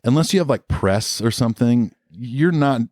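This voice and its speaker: A man's voice: mid-range voice, expressive, moderate pace, darkish tone, dry recording, studio quality. A middle-aged man, a musician guest on a podcast, telling a long casual story in a rambling, laid-back way full of fillers.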